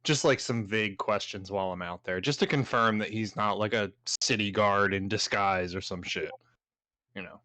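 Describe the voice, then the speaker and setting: A man's voice: lowish voice, normal speed, pushed and bright, no echo. A man playing in a tabletop game, laid-back and rambling as he tells what his character does. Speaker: player. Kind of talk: casual tabletop play.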